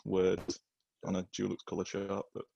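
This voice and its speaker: A man's voice: deep voice, completely flat delivery, moderate pace, vocal fry, dark tone, muffled recording. A young man chatting on a casual podcast, hesitant and trailing off as he thinks aloud. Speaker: podcast co-host.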